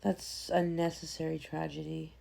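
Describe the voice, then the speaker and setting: A woman's voice: low-pitched, normal speed, vocal fry. A woman in her thirties co-hosting a podcast, chatting casually and acting out the people in her stories. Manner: animated storyteller who acts out quoted voices. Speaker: podcast co-host. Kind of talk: casual chat.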